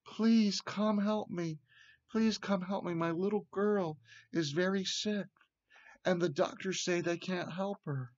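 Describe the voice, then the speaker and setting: A man's voice: fairly even intonation, slow pace, a little mellow, muffled recording. A man reading a storybook aloud, voicing a desperate father who begs for help for his sick daughter in a raised, pleading voice. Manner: pleading, pitched up.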